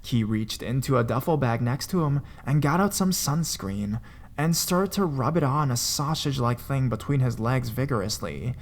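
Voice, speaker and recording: A man reading out a first-person horror story as narrator, in a steady storytelling manner. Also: medium pitch, normal speed.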